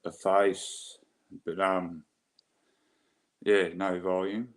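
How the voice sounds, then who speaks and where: A man's voice: low-pitched, little pitch movement, drawn-out words. A man with an Australian accent, a guest on a livestream, talking in a laid-back, rambling way full of "yeah, no". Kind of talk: casual chat.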